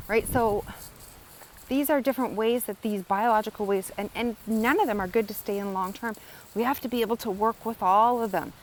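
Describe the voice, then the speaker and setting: A wellness educator speaks in a slightly high voice through a rough recording with a little hiss or hum. Her teaching monologue is casual and earnest, repeating phrases and often checking in with "right?".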